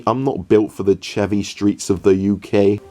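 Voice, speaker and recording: A man's voice: fairly low pitch, moderate pace, soft background music. Sarcastic man narrating comedy. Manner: sarcastic, exasperated, deadpan asides. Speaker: YouTuber reviewing his old videos.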